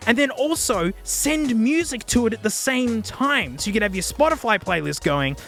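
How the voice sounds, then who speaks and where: A man's voice: extremely high pitch, moderate pace. A man with an Australian accent giving a casual, slangy headphone review. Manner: chatty, slangy, excitable. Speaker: tech reviewer.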